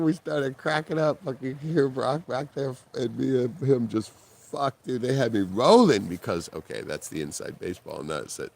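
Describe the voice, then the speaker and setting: A man on a live stream, creaky-voiced and speaking at normal speed, tells a story casually with slight background noise behind him. He swears, laughs often while quoting others, and his pitch jumps animatedly as he does.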